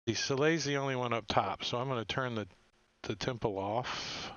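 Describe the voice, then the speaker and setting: A man runs a tabletop game in a measured, halting way, checking the rules and what each player intends. His voice sits in a middle pitch and comes through dull and lo-fi, with no room sound around it. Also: a bit bright, dry recording. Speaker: game master. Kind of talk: running a tabletop game over voice chat.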